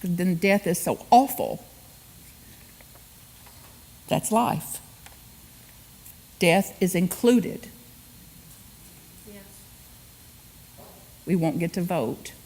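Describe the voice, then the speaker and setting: A woman's voice: lowish voice, animated, very slow, pauses often, mellow. A woman guest speaker giving a humorous spiritual sermon in a church, acting out quotes and laughing often. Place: church sanctuary.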